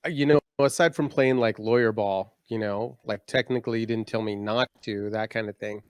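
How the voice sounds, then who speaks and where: A man's voice: fairly low pitch, steady tone, normal speed, smooth, dry recording, studio quality. A middle-aged man co-hosting a casual parenting podcast, telling stories about his own teenage years and laughing at himself. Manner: storytelling, laughs at himself, acts out his dad in quotes. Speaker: podcast co-host.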